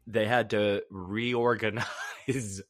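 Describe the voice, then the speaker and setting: A man co-hosting a podcast in casual chat, joking and quick to laugh. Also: on the low side, steady tone, no room sound, clean studio sound. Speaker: podcast co-host.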